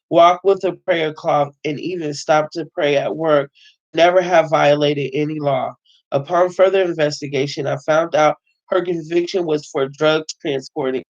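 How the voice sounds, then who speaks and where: In a low voice, a woman reads a novel aloud casually and emphatically, reacting by talking back to the text and cursing freely. The recording sounds dull and lo-fi.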